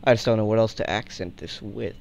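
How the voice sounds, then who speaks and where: A young man hosting a casual gaming video, rambling and joking, swinging from mumbles to shouts. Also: fairly low pitch, steady tone, brisk, gravelly, muffled recording, background noise. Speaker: gaming channel host.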